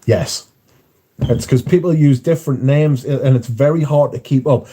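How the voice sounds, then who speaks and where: A man's voice: mid-range voice, moderate pace, warm tone, breathy edge. A British man hosting a livestream, chatting casually and reading out viewer comments, swearing freely. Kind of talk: casual chat.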